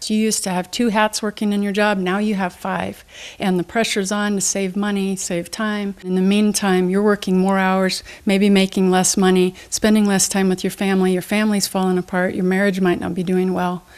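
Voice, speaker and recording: A woman's voice: mid-range voice, level tone, normal speed, a little mellow, smooth. A woman motivational speaker and trainer, answering in an interview with an emphatic, teacherly manner and quiz-style questions. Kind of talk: interview guest. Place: studio.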